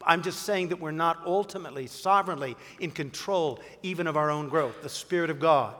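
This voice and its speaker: A man's voice: a little high, fairly quick, fairly bright tone. Emphatic preaching man, long reverb. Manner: emphatic preaching with rhetorical questions and storytelling. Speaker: pastor. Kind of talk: sermon.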